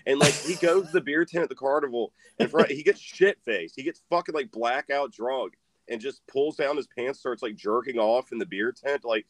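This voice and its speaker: A man's voice: medium pitch, moderate pace, no room sound. A young man in casual chat, rambling and profane, laughing as he retells a story and acting out the voices in it.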